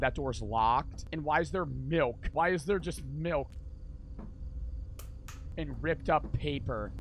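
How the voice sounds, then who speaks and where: A man's voice: mid-range voice, background noise. A young man streaming a horror game, reading its text aloud, swearing a lot and talking to his chat.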